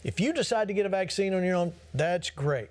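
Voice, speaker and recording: A man's voice: high voice, expressive, brisk. A man hosting a talk show, speaking emphatically and shifting his pace. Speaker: show host.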